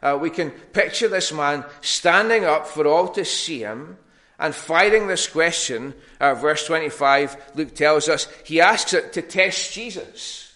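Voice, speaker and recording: A male preacher giving a conversational sermon and explaining a Bible passage, with frequent pauses and fillers. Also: fairly high pitch, sharp tone.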